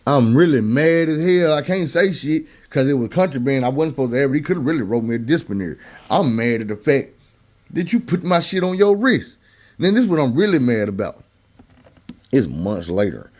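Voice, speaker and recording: A man's voice: mid-range voice, darkish tone. A man casually telling a personal story in slangy, conversational talk, acting out the people he quotes.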